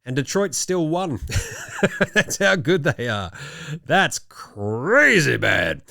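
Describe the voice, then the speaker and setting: A man's voice: a little high, very animated, slow, vocal fry, bright, forceful tone, no room sound, studio quality. A young Australian man hosting a casual basketball show, joking as he rattles off stats. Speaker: host. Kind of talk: casual chat.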